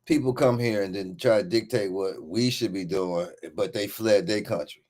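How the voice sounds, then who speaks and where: A man's voice: on the low side, moderate pace, a little mellow. A man co-hosting a casual talk show, chiming in with short agreements and hesitant remarks. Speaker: co-host.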